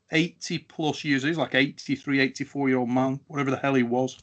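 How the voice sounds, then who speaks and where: A man's voice: mid-range voice, flat delivery, fairly quick, a bit bright, lo-fi sound. A man hosting an interview and chatting casually, telling a story. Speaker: interviewer, host. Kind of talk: casual chat.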